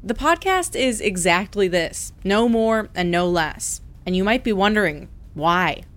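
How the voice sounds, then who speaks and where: A woman reporter narrating a scripted radio news feature in a measured way. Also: mid-range voice, expressive.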